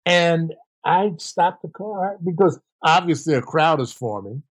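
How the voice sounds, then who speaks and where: In an echo-free recording, an older man with an unhurried, somewhat high voice and a breathy edge recounts stories from his time as a basketball player and coach. Answering an interviewer, he grows animated and acts out the voices of the people in his tales.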